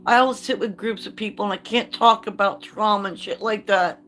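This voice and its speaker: A woman's voice: mid-range voice, steady tone, moderate pace, fairly bright tone. A woman talking to camera in a candid vlog, blunt and profane, moving from reading aloud to an impassioned rant. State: choked up. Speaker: vlogger.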